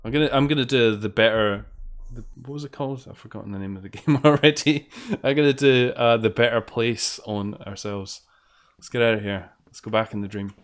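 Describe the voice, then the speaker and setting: A man's voice: medium pitch, fairly quick. A British man swearing freely and bantering sarcastically with his chat while he plays a game on stream. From Britain. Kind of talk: casual gameplay commentary.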